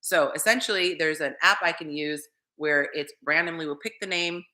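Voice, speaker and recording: A woman dating coach chatting casually on a livestream, animated and talking straight to her viewers. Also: sits low, normal speed.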